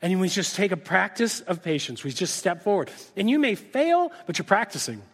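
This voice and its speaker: A middle-aged male pastor preaching a sermon, acting out lively back-and-forth dialogues with God. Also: high-pitched, normal speed. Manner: animated, acts out dialogue with God in different voices. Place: church sanctuary. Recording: reverberant church hall.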